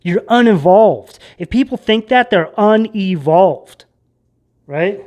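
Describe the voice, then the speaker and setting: High-pitched guy rambling through a tarot reading, emphatic, kinda worked up. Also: expressive, takes it slowly, a little mellow. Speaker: tarot reader. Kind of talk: casual tarot reading monologue.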